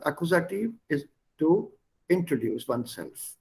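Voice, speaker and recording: A man's voice: on the high side, big pitch swings, unhurried, a little mellow. A man teaching an online language class over a video call, explaining words one at a time and switching between languages.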